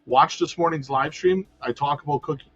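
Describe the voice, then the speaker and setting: A man's voice: a little high, moderate pace, fairly bright tone. A man hosting a crypto livestream in a loose, chatty manner, reading viewer comments and thinking aloud over charts. His level jumps up when he greets viewers and drops to mutters in between. The audio is a little dull and lo-fi, with faint music underneath. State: has the hiccups.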